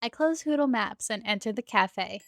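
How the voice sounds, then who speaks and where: This streamer, a woman with a sore throat, plays through a dating game casually, reading it aloud and slipping in giggly, talkative asides. Her fairly high voice is expressive and a bit bright at normal speed, with no echo and faint game music in the background.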